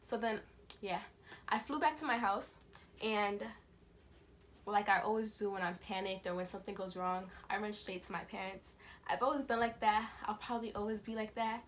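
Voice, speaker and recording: A woman's voice: medium pitch, moderate pace, slight background noise. A young woman vlogger telling a storytime tale in casual, slangy speech, acting out the voices of the people in it. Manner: animated storytelling, acts out quoted voices. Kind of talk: storytime vlog.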